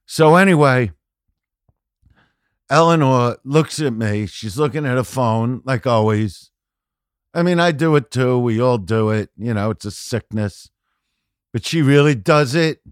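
A male guest comedian telling a story in casual podcast chat, brash and profane, often rising into loud rants. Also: medium pitch, a little slow, pauses often, clear, resonant tone, no room sound, clean studio sound.

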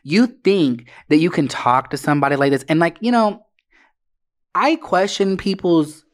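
A woman's voice: on the low side, expressive, moderate pace. A woman co-hosting a casual chat, telling stories bluntly with plenty of swearing. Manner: blunt, profane storytelling.

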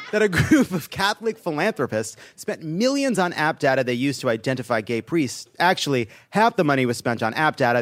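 A man's voice: fairly high pitch, a little hiss or hum. A man hosting a podcast, delivering a sardonic comedic news monologue with swearing and laughing at his own jokes. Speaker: podcast host.

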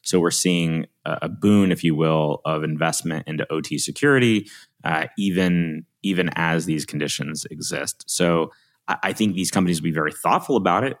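A man's voice: low voice, moderate pace. A man from Alabama with a Southern accent, chatting casually as an interview guest, informal and rambling with many fillers. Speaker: industrial cybersecurity guest.

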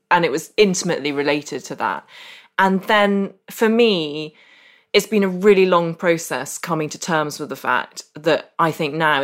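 A woman's voice: deep voice, fairly bright tone. A middle-aged woman hosting a podcast, speaking candidly and reflectively in casual interview chat. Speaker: podcast host.

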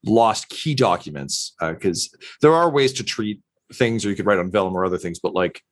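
Lively, hesitant man as game master. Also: on the low side, moderate pace, no room sound. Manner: hesitant, many "um" and "uh" fillers. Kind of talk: narrating a tabletop game.

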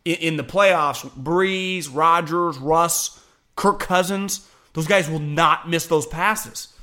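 With a fairly high pitch, a thirty-something former pro defensive lineman from Northern California hosts easygoing sports talk. He comes across as energetic and direct, and he swears frequently.

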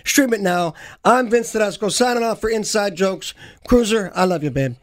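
A man's voice: sits high, normal speed, slight background noise. A man hosting a radio show, signing off in a casual way with frequent filler sounds. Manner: casual, lots of "uh" fillers while plugging the show. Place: radio studio. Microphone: studio microphone.

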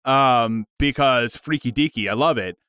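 A man's voice: medium pitch, unhurried, sharp tone, smooth, dry recording. A man co-hosting a podcast, chatting casually and musing aloud with restarts. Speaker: podcast co-host. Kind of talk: casual chat.

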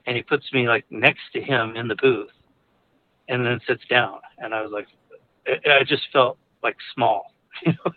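A man's voice: mid-range voice, fairly even intonation, moderate pace, phone-quality sound, slight background noise. A man telling a personal story in a rambling, hesitant way, with fillers, restarts and nervous laughs. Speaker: storyteller recounting a personal experience. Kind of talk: casual confessional storytelling.

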